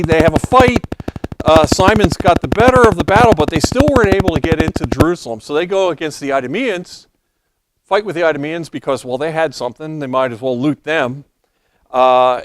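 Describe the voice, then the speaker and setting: A man preaching a sermon, retelling history in a loose storytelling way and reading passages aloud, hoarse as he is losing his voice. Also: fairly high pitch, lively intonation, brisk. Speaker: pastor.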